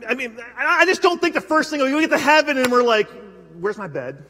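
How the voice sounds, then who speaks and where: A young adult male pastor preaching a sermon in a church sanctuary, animated, acting out quotes with big swings and frequent restarts. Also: very high-pitched, quick pace. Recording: long hall reverb.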